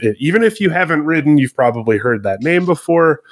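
A man's voice: fairly high pitch, lively intonation, fairly quick, no room sound. A man talking loosely and bluntly as a guest reviewer on a gaming podcast. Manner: loose, blunt, a bit of profanity. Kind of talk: casual podcast chat.

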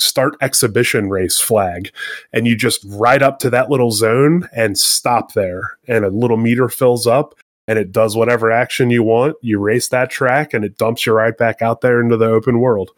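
A man's voice: mid-range voice, normal speed, no room sound. A man talking loosely and bluntly as a guest reviewer on a gaming podcast. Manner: loose, blunt, a bit of profanity. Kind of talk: casual podcast chat.

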